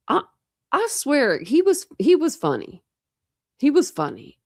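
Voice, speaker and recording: Gravelly-voiced woman chatting on a livestream. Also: medium pitch, wildly swooping pitch, a little slow, darkish tone, no echo, clean studio sound. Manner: rambling, talks straight to live chat. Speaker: true crime channel host. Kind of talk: casual livestream chat.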